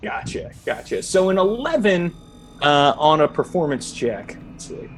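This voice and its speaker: A man running a tabletop game as dungeon master, narrating in a relaxed, halting way with many fillers and laughs. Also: on the high side, a little hiss or hum.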